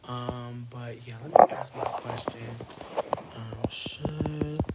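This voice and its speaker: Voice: medium pitch, measured pace. Dramatic livestreamer on a noisy mic. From Connecticut, USA. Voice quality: expressive, swears freely, slips into whispers. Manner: dramatic, playful, talks to chat. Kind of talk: casual livestream chat. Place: at home late at night.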